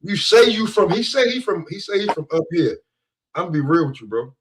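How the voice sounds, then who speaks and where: A man's voice: high voice, big pitch swings, fairly quick, slight background noise, rough recording. A man co-hosting a sports talk podcast, ranting in a loose, profane way and leaning on "bro". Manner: profane, rambling, heavy on "bro". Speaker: podcast co-host. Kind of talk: casual trash-talk chat.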